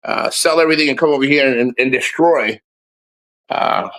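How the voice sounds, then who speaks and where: A foreign man living in the Philippines hosts a livestream, rambling through a casual chat in blunt, profane language. His mid-range voice runs at normal speed and sounds a bit bright.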